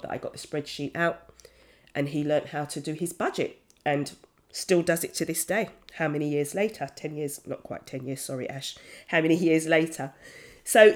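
A woman in her fifties, an accountant hosting a podcast, telling her own story in a chatty, candid way with frequent self-corrections and asides. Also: low voice. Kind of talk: personal storytelling monologue.

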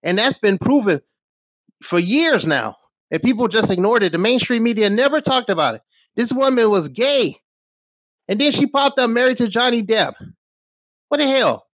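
A man's voice: very high voice, expressive, normal speed, long pauses, a bit bright, no echo. A middle-aged man ranting on his small commentary channel, heated, scornful and full of swearing. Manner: heated, profane, scornful rant. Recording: dull, dry lo-fi recording.

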